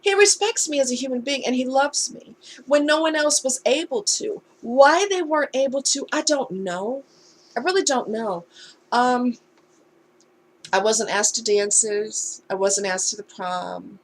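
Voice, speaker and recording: A woman's voice: a little high, expressive, measured pace. A woman talking candidly in a casual storytime vlog, conversational and heartfelt. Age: adult. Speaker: vlogger.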